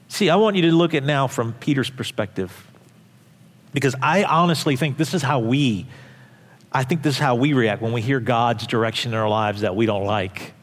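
A male pastor delivering an emphatic, conversational sermon in a church hall with long reverb. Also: medium pitch. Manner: animated, emphatic, conversational preaching.

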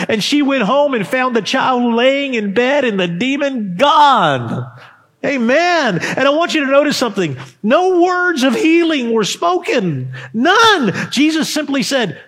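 Male pastor, high voice, fervent sermon delivery, questions to the congregation. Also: sing-song, measured pace, a bit bright. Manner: emphatic, rising to fervent peaks and dropping low; addresses the congregation directly with questions.

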